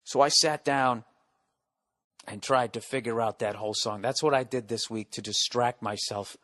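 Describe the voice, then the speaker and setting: A middle-aged American man hosting a podcast, delivering a profane, rambling comic monologue with swings between loud rants and muttered asides. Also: mid-range voice, normal speed. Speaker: podcast host.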